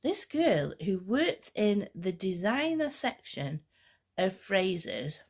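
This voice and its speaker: A woman vlogger talking casually, telling a rambling, excitable story. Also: mid-range voice, slow pace, breathy edge. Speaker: fashion vlogger. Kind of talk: casual chat.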